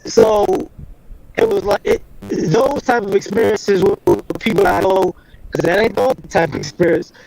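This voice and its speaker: High, gravelly man on a choppy call. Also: sing-song, moderate pace, a little mellow, low-quality recording. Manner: rambling, lots of fillers and restarts. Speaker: guest. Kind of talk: casual storytelling on a call. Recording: choppy video call connection.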